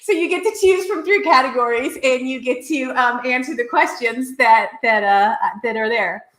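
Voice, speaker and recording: A woman hosting a casual interview show, playful and quick to laugh. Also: sits high, a bit bright. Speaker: show host. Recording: echoey room.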